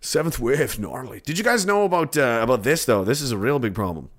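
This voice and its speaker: A man's voice: mid-range voice, sing-song, fast, a bit bright. Sarcastic, profane streamer man. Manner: sarcastic, swears freely, riffs into silly voices. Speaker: livestream host. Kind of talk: profane comedic rant.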